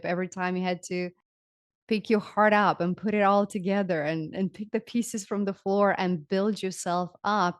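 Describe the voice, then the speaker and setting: A woman's voice: fairly low pitch, clean tone, no echo, studio quality. A woman hosting an interview, speaking in an uplifting, flowing way and repeating words for emphasis. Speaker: host. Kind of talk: inspirational interview talk.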